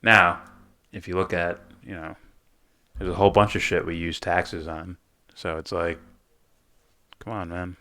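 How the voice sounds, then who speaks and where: A man's voice: sits low, flat delivery, unhurried, long pauses, bright, forceful tone. A man co-hosting a live stream, answering in a laid-back, dismissive way. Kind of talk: casual live-stream reaction chat.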